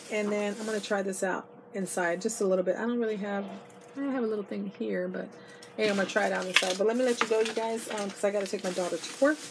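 A middle-aged woman records a chatty haul video inside an RV, gushing over her finds and calling her viewers "you guys." She is losing her voice. The iPod recording carries clear background noise. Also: medium pitch. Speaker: vlogger. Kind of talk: casual haul video chat. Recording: noisy home video.

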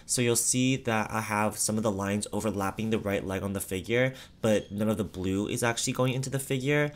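A man's voice: fairly low pitch, a little hiss or hum. A young man talking casually through a vlog as an art student, chatty and playful, calling the viewer babe. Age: young adult.

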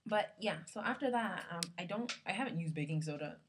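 A woman's voice: lowish voice, animated, brisk, background noise. A young woman vlogging casually from her dorm room, rambling along with lots of fillers, her camera resting on her lap. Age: young adult.

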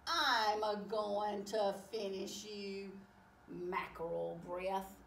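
A woman's voice: medium pitch, fairly even intonation, extremely slow, slight background noise. Woman doing a cocky trash-talking train. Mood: teasing. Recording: echoey room, far from mic.

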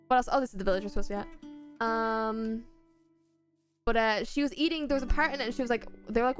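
A woman's voice: on the high side, normal speed, long pauses, faint music behind. A young Irish woman chatting casually while streaming a game, rambling along with playful asides. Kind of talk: casual chat while gaming.

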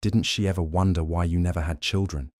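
A man reading an audiobook, voicing a detached government doctor who questions his captive in a measured, unhurried way. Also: deep voice, fairly even intonation, darkish tone, no echo, clean studio sound. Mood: probing.

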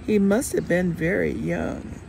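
Woman reading brooding middle-aged man, soft musing delivery, gravelly edge. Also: lowish voice, a little slow, a little hiss or hum. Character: brooding forty-five-year-old man drinking wine.

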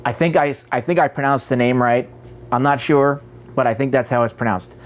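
A man's voice: mid-range voice, fairly quick. A man hosting a casual channel spotlight, chatty, who stumbles over words and corrects himself. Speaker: host.

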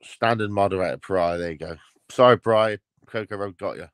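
A man hosting a casual live-stream chat, bantering roughly and swearing. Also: on the low side, a little fast, no echo. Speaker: streamer host.

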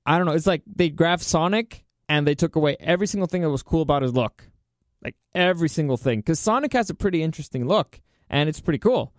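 A man vlogging a casual opinion rant, animated and incredulous, with crude outbursts. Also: on the high side, fast, no room sound, studio quality.

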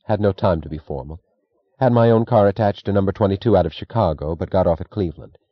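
A man's voice: deep voice, quick pace, dry recording, dull audio. A man reading the part of a woman railroad executive in her thirties, speaking with cool, unstressed authority. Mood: commanding.

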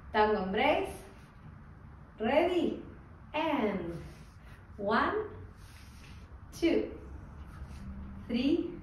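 Slow, calm woman teaching tango. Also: on the high side. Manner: calm, counts out beats, checks in with "yes?". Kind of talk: slow spoken dance class instruction. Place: dance studio. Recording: roomy, distant studio sound with faint noise.

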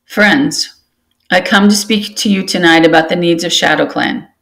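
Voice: mid-range voice, normal speed, vocal fry, a bit bright, poor audio. A reader voicing a menacing, domineering male cat clan leader in a storybook, speaking in a demanding growl.

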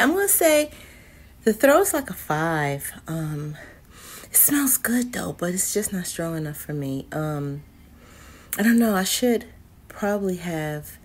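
A woman reviewing candles in a casual vlog, slangy and dramatic, cussing and swinging from mutters to loud outbursts. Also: lowish voice, breathy edge.

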